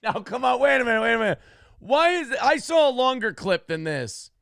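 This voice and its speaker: A man's voice: extremely high pitch, big pitch swings, fairly quick, gravelly, fairly bright tone, dry recording, clean studio sound. Crude, mocking male show host. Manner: crude, profane, mocking rant. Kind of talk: comedic commentary on a news clip.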